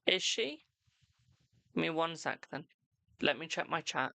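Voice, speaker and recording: A British man hosting a casual live-stream tarot reading, reading viewers' questions aloud and answering them warmly, calling everyone "my darling". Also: a little high, animated, vocal fry, no echo. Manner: affectionate, calls viewers "my darling"; chatty, reads questions aloud and answers quickly.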